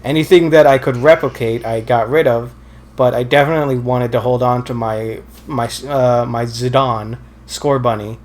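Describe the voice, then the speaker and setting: A man's voice: mid-range voice, fairly even intonation, normal speed. A man casually commenting while playing a video game, rambling and correcting himself, with dry teasing jokes. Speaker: let's play co-host.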